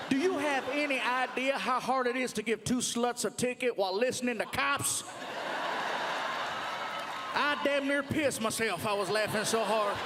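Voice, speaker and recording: A man's voice: very high-pitched, noisy background. A man doing a drawling veteran cop. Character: friendly veteran male highway cop. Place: stage before a live audience.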